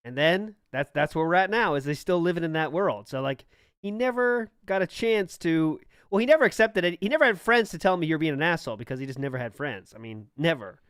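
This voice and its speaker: A man's voice: on the high side, lively intonation, brisk, fairly bright tone, clean tone, dry recording, clean studio sound. A man co-hosting a podcast in casual chat, blunt and swearing often, sometimes acting out what other people said. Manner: blunt, swears often, acts out quoted lines. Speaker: podcast co-host.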